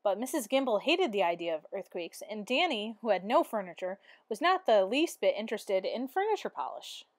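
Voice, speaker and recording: A woman reading a children's picture book aloud in a steady, expressive way. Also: mid-range voice, a little fast, few pauses, no echo. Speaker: teacher.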